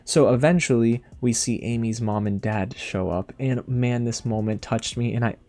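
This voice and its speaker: A man's voice: medium pitch, moderate pace. Sassy man recapping a dating show. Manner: animated and sassy, addresses viewers directly. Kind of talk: casual recap and review commentary.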